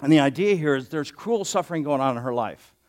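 A man's voice: a little high, expressive, quick pace, darkish tone. A man preaching an expository sermon as a pastor, conversational and given to joking asides.

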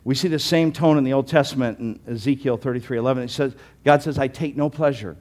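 A man's voice: mid-range voice, quick pace. Earnest male pastor preaching. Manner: earnest, emphatic preaching with restarts and swings between loud and quiet. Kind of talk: sermon.

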